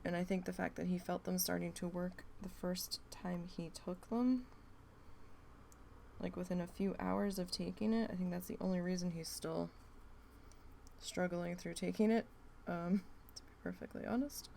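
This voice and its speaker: A young woman with a New Jersey accent, chatting casually and thinking out loud while she works on a craft project. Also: on the low side, fairly even intonation, normal speed, gravelly, slight background noise. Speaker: craft vlogger.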